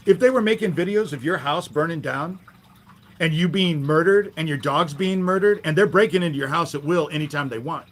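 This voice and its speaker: A man in a heated, profanity-laced livestream rant, his voice sitting a bit higher than most men's. He jabs sarcastically at the people in his chat and keeps tacking "you know?" onto the end of his points. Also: a bit bright, breathy edge. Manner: irritated, profane, confrontational; sarcastic toward chat commenters. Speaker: livestream host. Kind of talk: live-stream rant.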